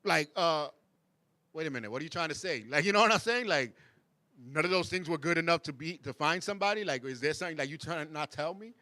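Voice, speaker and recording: A man's voice: on the high side, animated, quick pace, sharp tone, dry recording. A man hosting a show, chatting casually, laughing often and mimicking people in sing-song voices. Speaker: show host. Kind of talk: casual chat.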